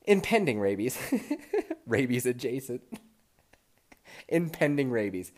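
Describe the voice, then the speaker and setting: A man's voice: on the high side, expressive, moderate pace, pauses often, a little mellow. A man hosting a podcast, telling a dream story in casual, profane monologue, laughing often and still getting over a cold. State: lingering cold. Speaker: podcast host.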